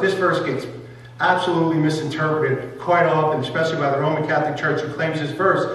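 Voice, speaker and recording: High-voiced pastor in an echoey church. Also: male voice, fairly even intonation, fast talker, fairly bright tone. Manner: emphatic, rhetorical questions to the congregation. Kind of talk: sermon. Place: church sanctuary. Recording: echoey hall, mic far off, faint hum.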